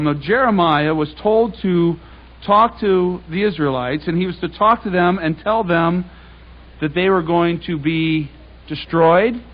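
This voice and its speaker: A man giving a public Bible talk, reading scripture and then paraphrasing it in lively everyday speech. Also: high voice, muffled recording. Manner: conversational, animated, reads scripture aloud and paraphrases it in casual speech. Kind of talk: sermon. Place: congregation hall.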